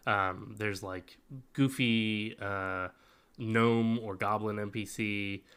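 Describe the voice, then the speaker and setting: Low, bright-voiced man giving advice. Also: fairly even intonation, slow, clear, resonant tone. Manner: explanatory, gives advice at length. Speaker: podcast co-host and game master. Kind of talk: casual podcast chat.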